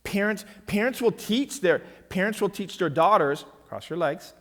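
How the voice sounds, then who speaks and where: A middle-aged man with a slightly high voice teaches a finance seminar at church, emphatic and punchy, often checking that the room is following. His voice rings with the long reverb of a church hall. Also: lively intonation, normal speed, a bit bright.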